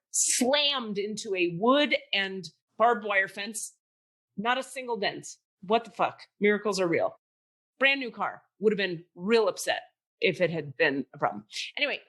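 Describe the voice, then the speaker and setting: A woman podcast host telling a long story in casual chat, animated and profane, acting out the people she quotes. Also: fairly high pitch.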